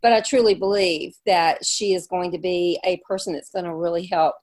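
A woman chatting casually as a podcast guest, talkative and quick to laugh. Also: fairly low pitch, fairly even intonation, darkish tone. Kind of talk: casual chat.

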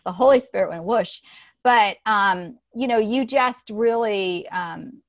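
A woman's voice: medium pitch, slow pace, no echo. Chatty middle-aged woman, dull dry recording. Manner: rambling, warm, with many fillers and restarts. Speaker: podcast host. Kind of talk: casual chat.

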